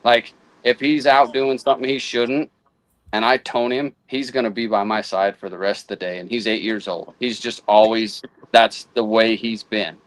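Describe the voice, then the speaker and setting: A man's voice: lowish voice, steady tone, no room sound, low-quality recording. A man in a casual chat, often restarting and repeating words as he works out his thought. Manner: halting, repeats words while thinking. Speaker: guest houndsman.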